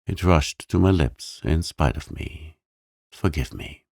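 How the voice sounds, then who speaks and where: Brief: man reading a reverent, earnest suitor in a storybook; deep, gravelly, slow and pleading. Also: expressive, a little mellow, no echo, clean studio sound, exaggerated voice. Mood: humble.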